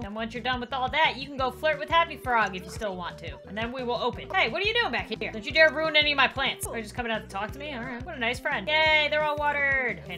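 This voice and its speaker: A young adult woman doing Let's Play commentary, excitable and jokey, scolding and cheering the characters in her game. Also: sits high. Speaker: gaming YouTuber. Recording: game music behind.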